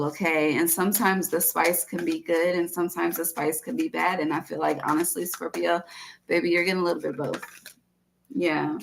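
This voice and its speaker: A woman reads tarot cards in a loose, rambling way, cursing casually and talking straight to her listener. Her voice sits a little low for a woman. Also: gravelly, a bit bright, a little hiss or hum. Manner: rambling, profane and chatty. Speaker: tarot reader.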